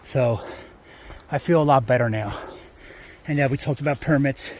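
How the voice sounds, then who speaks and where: A man's voice: medium pitch, normal speed, a little hiss or hum. A man filming a casual trail vlog outdoors, chatting in a rambling way with lots of fillers. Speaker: hiker vlogger.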